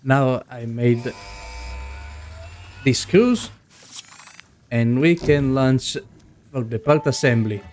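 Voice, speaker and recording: A man's voice: mid-range voice, expressive, slow, long pauses, darkish tone, soft background music. A young man, not a native English speaker, giving casual gameplay commentary and thinking aloud with many fillers. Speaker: gaming video host.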